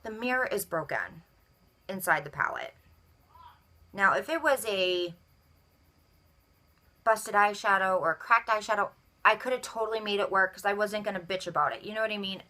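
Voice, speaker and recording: A young woman vlogging, telling a retail complaint story in an animated way and acting out the dialogue of everyone involved. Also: mid-range voice, moderate pace, long pauses. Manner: animated, acts out both sides of dialogue. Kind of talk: storytelling rant.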